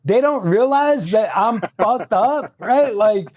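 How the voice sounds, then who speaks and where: A man's voice: high voice, animated, takes it slowly, darkish tone. Intense middle-aged American man. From United States. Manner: intense, raw, swearing freely, many tag questions. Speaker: guest. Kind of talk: candid interview storytelling.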